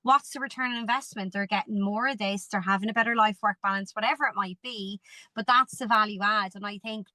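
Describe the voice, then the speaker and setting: A woman's voice: mid-range voice, quick pace, dry recording. A woman, a podcast guest and coach, telling stories animatedly and acting out the dialogue. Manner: animated storytelling, acts out quoted dialogue. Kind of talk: casual podcast interview.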